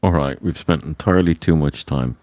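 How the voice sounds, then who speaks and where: A man's voice: rumbling low, a little fast, darkish tone, no room sound. A man playing a tabletop game, chatting in a laid-back way. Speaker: player. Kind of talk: casual tabletop game chat.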